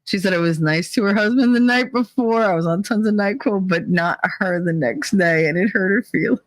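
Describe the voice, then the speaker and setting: A woman's voice: medium pitch, fairly quick, dry recording. A middle-aged woman hosting a livestream, chatting casually with viewers, often laughing and teasing. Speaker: livestream host. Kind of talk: casual chat with live chat.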